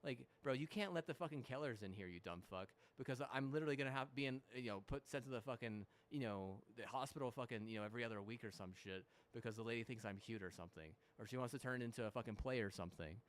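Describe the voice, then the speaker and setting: Young guy ranting while gaming, cursing nonstop, tripping over his words, middle-pitched voice. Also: fast, hardly any pauses. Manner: heavy swearing, frequent restarts and fillers; mocking mimicry of apologies. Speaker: gamer. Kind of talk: rambling gaming commentary.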